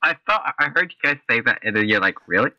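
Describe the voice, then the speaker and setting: A man's voice: mid-range voice, lively intonation, quick pace, pushed and bright, dry recording. A man co-hosting a casual podcast over a call, his audio sounding tinny like an intercom. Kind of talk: casual group podcast discussion.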